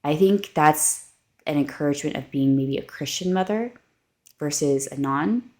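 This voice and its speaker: Earnest low-voiced woman podcast host. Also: moderate pace, a little mellow. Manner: earnest, heartfelt, storytelling with many likes. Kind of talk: faith-based casual chat.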